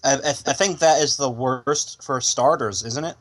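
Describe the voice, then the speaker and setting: A man's voice: medium pitch, moderate pace. Agreeable man trading quips on hockey. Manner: agreeable quips, trails off quietly at sentence ends. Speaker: podcast co-host. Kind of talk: casual sports chat.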